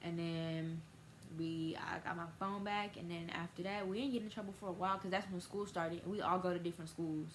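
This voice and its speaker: A woman's voice: fairly even intonation, brisk, a little hiss or hum. A teenage girl telling a casual storytime vlog, acting out quoted voices. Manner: casual storytelling, acts out quoted voices with big pitch jumps. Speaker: vlogger.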